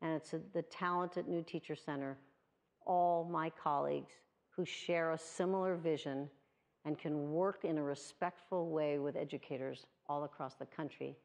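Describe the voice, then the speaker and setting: A woman's voice: low-pitched, steady tone, normal speed, a little mellow. A woman in her sixties from the USA, giving an earnest prepared award speech and telling a personal story. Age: 60s. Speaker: award speaker.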